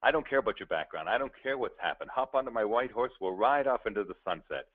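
A man's voice: fairly low pitch, lively intonation, fast talker, dry recording. A man voicing a gallant, reassuring rescuer on a white horse in a story he tells. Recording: tinny narrow-band recording.

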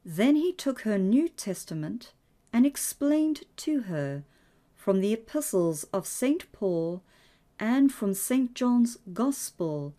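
A woman reads a devotional story aloud in a measured, reverent manner. Her voice is mellow and a little high, with a slow pace and a lively, expressive melody.

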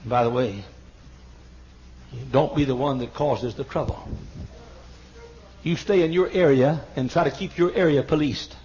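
An older man preaching a sermon in a church, emphatic, stammering into repeats and rising to sudden shouts. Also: mid-range voice, measured pace, long pauses. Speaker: pastor. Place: large church auditorium. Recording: dull lo-fi archival sermon tape.

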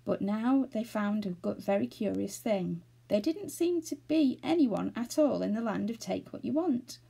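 A woman reads a children's storybook aloud in a steady, expressive way. Her voice is dark and mellow, slightly husky, with a gravelly edge. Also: medium pitch, moderate pace. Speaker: reader of a children's novel.

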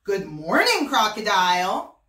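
A woman voicing a chattering, tricky male monkey in a storybook reading, with high, excited exclamations. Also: unhurried. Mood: cheerful. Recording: roomy, voice from a distance.

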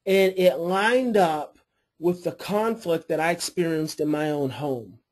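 A man, an adoption coach and therapist, telling a story to his class in a lively way and acting out the people in it. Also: fairly high pitch, measured pace. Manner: animated storytelling, acts out quoted voices.

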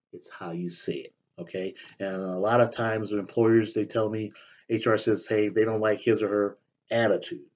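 Direct, husky-voiced man giving career advice. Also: fairly low pitch, lo-fi sound. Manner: direct, repetitive, punctuates with "okay?" and "right?". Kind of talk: casual advice talk to camera.

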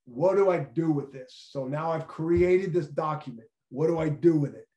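Middle-aged man, former coach, speaking to a room about leadership: earnest and emphatic, fairly high voice, roomy echo. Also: moderate pace, mellow, lo-fi sound. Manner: earnest, repeats key phrases for emphasis. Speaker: former football coach giving a leadership talk. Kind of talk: motivational leadership talk. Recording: echoey room.

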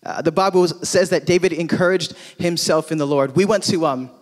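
A man in his thirties from Hawaii, a pastor telling a personal story in a casual, animated sermon with plenty of fillers. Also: medium pitch, moderate pace, hardly any pauses. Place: church auditorium. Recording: long reverb from a large hall.

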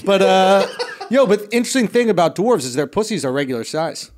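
A man's voice: high voice, very animated. A man co-hosting a comedy podcast, teasing his friends and spinning absurd made-up stories in crude banter. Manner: teasing, quick to mock. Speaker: podcast co-host.

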